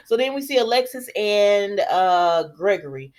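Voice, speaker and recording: A woman's voice: on the low side, expressive, normal speed, few pauses. A woman casually retelling a soap opera episode in a rambling, chatty way, quoting the characters' lines. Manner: chatty, rambling, with many fillers and quoted dialogue. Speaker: soap opera recap host. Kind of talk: casual spoken recap.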